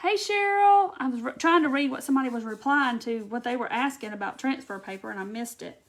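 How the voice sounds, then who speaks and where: A woman with a notably high voice hosts a live craft tutorial at a brisk pace. She chats loosely while working, often pausing to greet viewers by name and respond to their comments.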